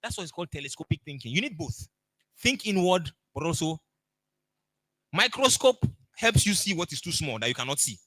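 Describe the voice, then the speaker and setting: A man's voice: a little high, big pitch swings, a little fast, pushed and bright, no room sound. A middle-aged man with a Nigerian accent, giving a motivational coaching talk and acting out the people in his stories. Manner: storytelling, emphatic, acts out dialogue.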